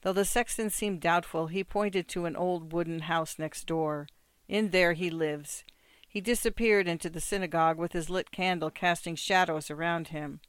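A reader narrating a short story as an audiobook, measured and steady. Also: mid-range voice, clean tone, no room sound.

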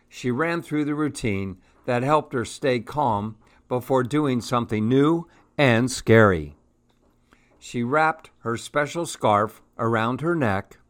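Slow, lively male storyteller. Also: medium pitch. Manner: gentle, expressive read-aloud. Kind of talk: reading a picture book aloud.

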